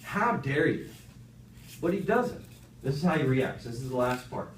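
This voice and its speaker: A man gives a conversational Bible lesson to a high school class. He tells the story in an animated way and adds rhetorical asides to the students. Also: fairly quick, reverberant, recorded from a distance, slight background noise, rough recording. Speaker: youth speaker teaching a class.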